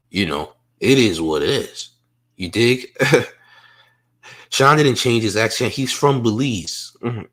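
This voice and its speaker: Low-voiced streetwise male commentary host. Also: a bit bright. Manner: streetwise slang, frequent "you dig". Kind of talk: casual reaction commentary.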